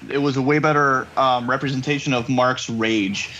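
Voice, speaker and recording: A man co-hosting a podcast in casual chat, excitable and quick with asides, swearing freely. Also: mid-range voice, a little hiss or hum. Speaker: podcast co-host. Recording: slightly dull lo-fi sound.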